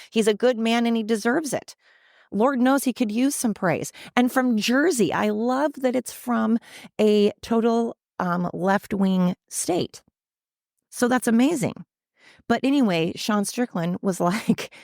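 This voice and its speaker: A woman's voice: mid-range voice, dry recording, studio quality. A woman hosting a solo podcast, ranting with opinionated, sarcastic asides and free swearing. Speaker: podcast host. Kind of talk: casual solo podcast monologue.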